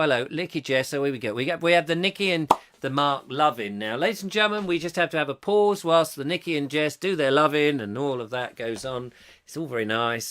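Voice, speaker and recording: Brief: middle-aged male host, animated swooping delivery, bright forceful tone, rambling and playful. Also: fairly high pitch. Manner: playful, rambling, quick to slip into silly voices. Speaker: chat show host. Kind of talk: live comic chat show, reading viewer comments.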